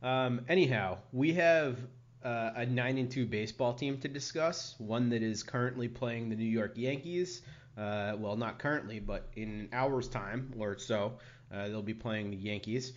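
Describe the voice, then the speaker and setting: A man's voice: medium pitch, moderate pace. Man, podcast host, casual chat, rambling, dull lo-fi sound. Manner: rambling, lots of fillers.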